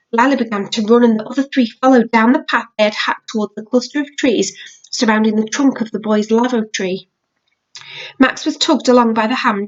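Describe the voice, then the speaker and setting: A woman reads a children's novel in a steady, measured storytelling voice. Her voice sits a little high. The recording is dull and lo-fi. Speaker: reader. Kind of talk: novel reading.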